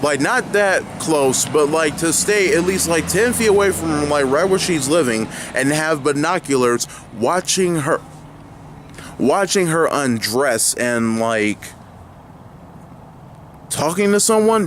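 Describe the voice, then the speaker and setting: A man's voice: fairly high pitch, lively intonation, takes it slowly, a little hiss or hum. A young man vlogging outdoors near his home, ranting indignantly and rambling with lots of fillers and restarts. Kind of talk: angry ranting vlog.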